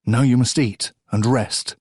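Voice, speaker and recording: A man's voice: medium pitch, fairly even intonation, measured pace, a little mellow, slightly rough, dry recording, studio quality. A man narrating an audiobook, voicing a shrewd male counsellor who speaks in a firm, pressing, persuasive way. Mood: urgent.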